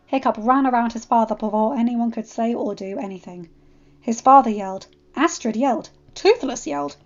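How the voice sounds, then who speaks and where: A woman narrating a fan fiction story as a storybook reading, with expressive delivery. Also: a little high, normal speed. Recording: slightly muffled, faint background music.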